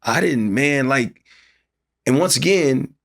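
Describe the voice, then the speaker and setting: A man's voice: mid-range voice, animated, takes it slowly, vocal fry, a bit bright. A man being interviewed as a guest, speaking candidly and conversationally and acting out people's voices as he tells his stories. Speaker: guest, sportscaster. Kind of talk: casual interview storytelling.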